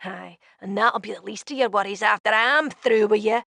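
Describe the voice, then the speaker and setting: An actress playing a blunt, sharp-tongued young female tiefling thief with a tail in game dialogue. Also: mid-range voice, normal speed, vocal fry, no echo, clean studio sound. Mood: scornful.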